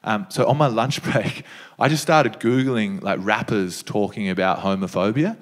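A young man doing stand-up, telling stories in a laid-back, conversational way with lively asides. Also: lowish voice, moderate pace. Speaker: stand-up comedian. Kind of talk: stand-up storytelling. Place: comedy stage before a live audience.

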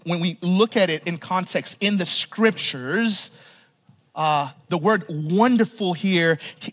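A male pastor delivering a sermon, often pausing to ask the congregation to finish a phrase, repeating and restarting words, and swinging from emphatic to hushed. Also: extremely high pitch. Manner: asks the congregation to fill in words, frequent "right?"; stumbles and repeats words while talking freely.

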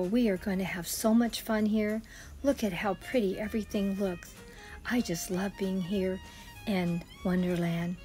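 A woman's voice: medium pitch, warm tone, natural voice. A woman voicing a cheerful young girl, Alice, in a sing-song, encouraging way. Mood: delighted.

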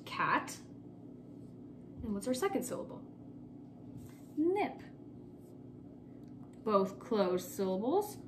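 Slow, patient woman teacher. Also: mid-range voice, very animated, background noise. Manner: slow, patient, repeats words and spells them letter by letter. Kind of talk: remote spelling lesson for young children.

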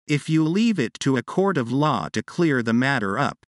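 Man doing a calm gentleman detective, composed, dry close mic. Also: medium pitch, moderate pace, no echo, close to an everyday voice. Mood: reassuring.

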